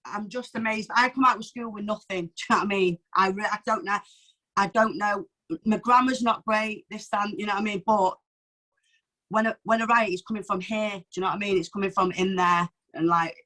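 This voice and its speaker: A woman's voice: mid-range voice, fairly bright tone, low-quality recording. A woman sharing her own poems at an online open mic from home, chatty and open, often emotional, with lots of fillers. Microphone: video call.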